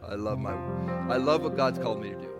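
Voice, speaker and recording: A man in his fifties preaching a sermon as pastor, animated and acting out bits of dialogue in bursts. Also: on the low side, fast. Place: church sanctuary. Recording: church hall reverb with faint music.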